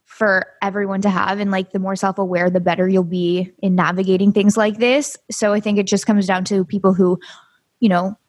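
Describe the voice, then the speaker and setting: A woman co-host in casual panel chat, speaking in a measured, thoughtful way. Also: mid-range voice, level tone, darkish tone. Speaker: podcast co-host.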